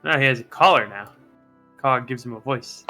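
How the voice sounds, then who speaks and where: Chatty man with a bright voice. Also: medium pitch, a little fast, soft background music. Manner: chatty, swears freely. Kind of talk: casual chat before a tabletop game.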